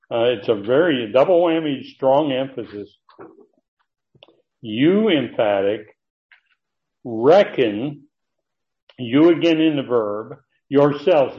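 Man, Bible teacher, mid pitch, emphatic verse-by-verse teaching, dull lo-fi sound. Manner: earnest, emphatic, stretches key words, reads from notes. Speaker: pastor teaching a Bible study. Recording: dull lo-fi recording.

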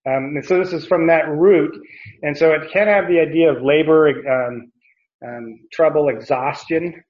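A man's voice: a little high, slow, long pauses, highs cut off. A man teaching through a bible passage verse by verse, talking in a loose, conversational way with frequent fillers and little chuckles.

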